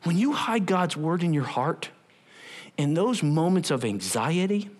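A man's voice: fairly high pitch, measured pace. A middle-aged male pastor preaching a conversational sermon and acting out quotes. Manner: animated, conversational, acts out quotes.

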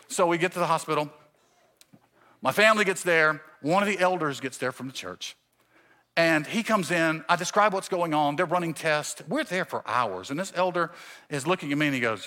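Lively, bright-voiced male pastor telling a story. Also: a little high, brisk. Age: 40s. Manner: animated, self-mocking storytelling with voiced quotes. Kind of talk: storytelling sermon. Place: church stage.

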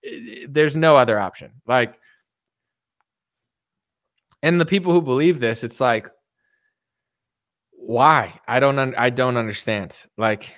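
A man doing casual political commentary, talking quickly and mockingly with many fillers and acted-out quoted voices. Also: mid-range voice, a bit bright, no room sound, studio quality. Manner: rapid, mocking, full of fillers.

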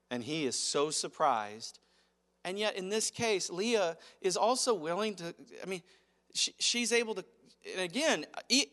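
A man preaching a sermon as pastor, animated, acting out quotes and chuckling as he speaks. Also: high voice.

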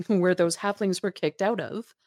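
Low-voiced woman playing a tabletop game. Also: steady tone, a little slow, darkish tone, no room sound, clean studio sound. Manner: hesitant, chatty. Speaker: player. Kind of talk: casual tabletop play.

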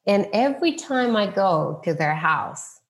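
Animated woman telling a story. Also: mid-range voice, unhurried. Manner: animated storyteller, acts out quoted voices, many restarts. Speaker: real estate agent, guest. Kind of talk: faith-centered interview storytelling.

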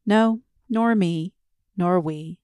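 Harsh middle-aged man, curt and cold, dry quiet read, a woman voicing him. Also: low voice, fairly even intonation, moderate pace, dry recording. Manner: curt and blunt.

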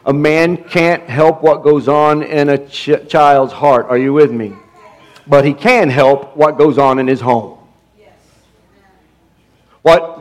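A man's voice: a little high, darkish tone. A middle-aged man pastor preaching a sermon with emphasis, stumbling over restarts and asking the congregation for amens.

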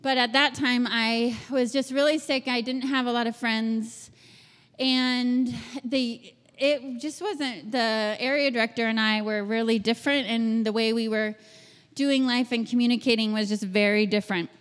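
A woman in her thirties giving a lively personal testimony to a group, acting out quoted lines and laughing often. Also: a little high, normal speed, long reverb tail. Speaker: speaker sharing her testimony.

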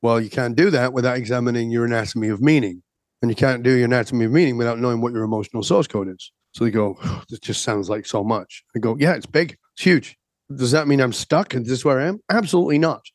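Animated storytelling man, dry close sound. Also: medium pitch, dry recording. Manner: acts out dialogue in quick back-and-forth, emphatic. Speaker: transformation coach, guest.

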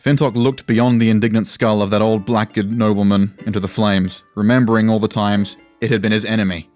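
A man with a fairly low voice narrates a fantasy tale, measured and dramatic in his delivery. A faint guitar plays softly underneath. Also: fairly even intonation. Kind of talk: storytelling narration.

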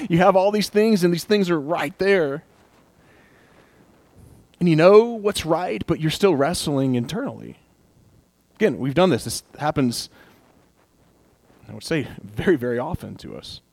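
Young male pastor, animated, slips into acted inner voices, dry close mic. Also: a little high, normal speed, no room sound. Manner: animated, laughs often, acts out inner voices. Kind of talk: casual sermon.

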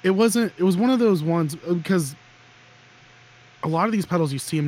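A man's voice: on the high side, moderate pace, darkish tone, slight background noise. A man hosting a gear podcast, chatting casually in a rambling, joking way with frequent restarts. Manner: rambling, jokey, restarts often. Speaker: podcast host. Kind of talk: casual chat.

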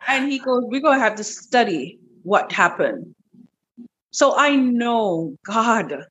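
A middle-aged woman guest in an interview, telling a personal story in a lively, animated way, repeating words as she goes. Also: takes it slowly, slightly rough, highs cut off. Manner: animated, breaks into high quoted voices, repeats words. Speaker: interview guest, wellness clinic owner.

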